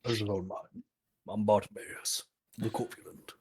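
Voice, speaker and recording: A man voicing a corpulent male apprentice in a tabletop game, in a lowered, dry, deadpan voice. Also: unhurried, slightly rough. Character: corpulent male mage's apprentice, wry and slow.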